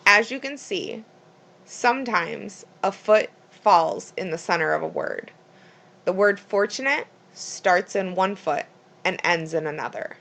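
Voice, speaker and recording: Woman presenting a class project, gravelly fry in her voice, lowish pitch, reads from notes. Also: a little slow, fairly bright tone. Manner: reads plainly from notes, with small slips and restarts. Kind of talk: reading a prepared school presentation.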